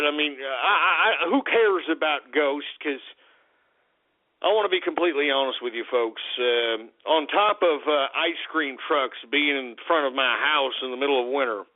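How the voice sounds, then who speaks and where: Profane rambling radio host, tinny. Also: male voice, a little high. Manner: rambling and profane, full of fillers and sudden outbursts. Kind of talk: talk radio monologue. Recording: tinny phone-like radio broadcast.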